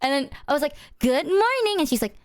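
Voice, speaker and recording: A woman's voice: sits high, fairly even intonation, racing. A woman streamer chatting casually and telling a story with giggles and playful exaggeration. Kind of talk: casual chat.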